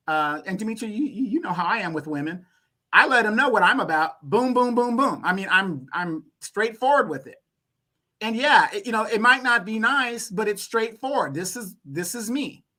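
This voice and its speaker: A man from Louisiana, a guest on a talk show, speaking bluntly and animatedly. His pitch jumps up when he makes a point. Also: expressive, normal speed, pushed and bright. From Louisiana, USA. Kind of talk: casual opinion talk.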